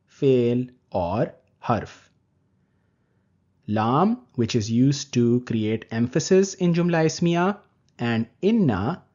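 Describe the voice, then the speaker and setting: A man teaching Arabic grammar in a recorded lecture, explaining terms slowly and deliberately. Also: medium pitch, warm tone. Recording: dull lo-fi recording.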